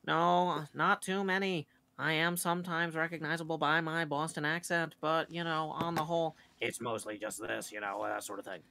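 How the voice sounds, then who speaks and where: A hammy, mock-earnest fellow with a put-on Boston accent, as a man does the voice for a laugh. His tone sits higher than his usual talk, with a gravelly edge. He plays it jokingly. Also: fairly even intonation, normal speed, bright, forceful tone, a little hiss or hum. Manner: jokey, theatrical.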